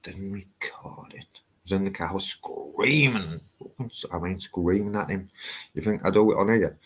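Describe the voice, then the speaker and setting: A brash man with a Teesside accent chats live from his loft. He swears freely and talks in a low voice with plenty of swagger. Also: normal speed, breathy edge. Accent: Teesside English. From Northeast England. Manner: swears a lot, brash and animated. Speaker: livestream host. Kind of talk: casual live-stream chat. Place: house loft.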